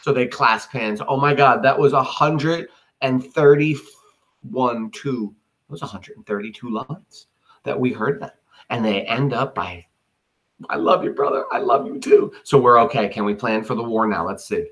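A man's voice: medium pitch, measured pace, fairly bright tone. A male teacher reading and explaining a play to students, with wry, casual asides.

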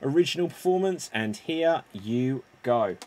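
A man hosting an online improv show, briskly introducing the games and calling for votes. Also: mid-range voice, lively intonation, a little mellow, dry recording. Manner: brisk, upbeat, running the games.

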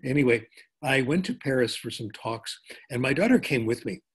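An older man gives a talk in a relaxed, anecdotal way, wandering into stories and restarting his sentences. His voice has a slightly husky edge at an ordinary pitch. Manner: anecdotal, conversational with pauses and restarts. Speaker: linguistics speaker. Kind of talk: conference talk.

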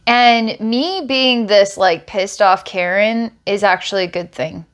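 A woman giving a psychic energy healing reading, describing impressions slowly and searchingly. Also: mid-range voice. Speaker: psychic healer.

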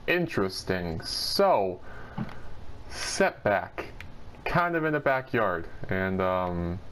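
A man's voice: sits low, big pitch swings, takes it slowly, fairly bright tone, slight background noise. A man hosting a casual gaming video, swearing freely and laughing often as he plays.

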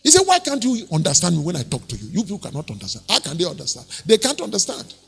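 A male pastor preaching an animated sermon, acting out quoted voices and chuckling often. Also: high-pitched, racing, gravelly, slightly rough, in a large hall.

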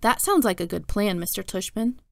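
A woman's voice: medium pitch, expressive, normal speed, gravelly, dry recording. A woman voicing a worried, exasperated mother who pleads and raises her voice, reading a storybook aloud. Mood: grateful.

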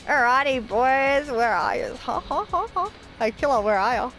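A young woman chatting casually with teammates while gaming, excitable, shrieking, laughing and swearing freely. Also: high voice, moderate pace, faint music behind, poor audio. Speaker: gamer recording online matches. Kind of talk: casual gameplay chat with teammates.

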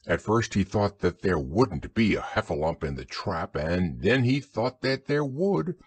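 A man narrating a bedtime children's audiobook in a soothing, expressive storytelling manner. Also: lowish voice, measured pace, slightly rough, no room sound.

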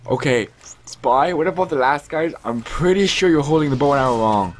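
A man's voice: on the high side, animated, brisk, hardly any pauses, slight background noise. A man giving casual live commentary over his own gameplay, joking and talking to the players on screen. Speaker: gaming YouTuber.

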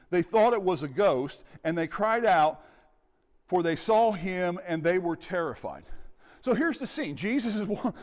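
A male pastor preaching a sermon in an animated way, acting out the scenes. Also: extremely high pitch, big-room sound. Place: church sanctuary.

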